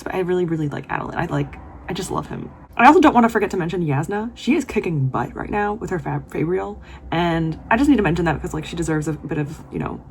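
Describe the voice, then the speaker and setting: A woman with a somewhat low voice reads a novel aloud for her vlog. She breaks off into gushing, emotional reactions between passages. The tone stays casual and personal. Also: a little hiss or hum. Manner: emotional, gushing reactions with laughs and whispered asides. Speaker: book vlogger.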